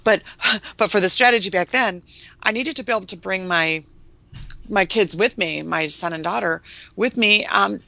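Middle-aged lady investor chatting, bright tense voice, acts out what people said, dry close sound. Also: moderate pace, vocal fry, no room sound. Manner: animated storyteller, acts out quoted voices in a high sweet tone. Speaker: real estate investor guest. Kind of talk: casual interview chat.

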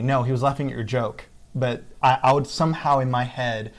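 A man's voice: mid-range voice, steady tone, a little fast. A man talking candidly and reflectively in a casual podcast chat, often repeating words as he starts a thought.

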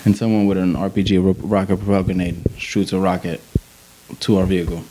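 A man in his forties, an army veteran guest telling war stories in a casual, profane, animated way. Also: sits low, quick pace, noisy background. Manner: profane, animated, acts out sounds and quotes.

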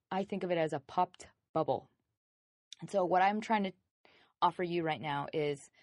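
A woman talks through a self-help podcast in a loose, conversational way, peppering her speech with "like" and joking at herself. Her voice sits on the low side, and the recording is dry with no room sound. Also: dry recording. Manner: chatty, lots of "like" and self-corrections, jokey asides. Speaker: podcast host. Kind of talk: casual self-help talk.

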